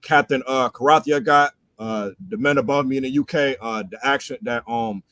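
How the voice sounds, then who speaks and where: A man's voice: mid-range voice, normal speed, a bit bright, no echo. Guy talking earnest, lots of uh, mid voice, dry sound. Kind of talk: casual chat.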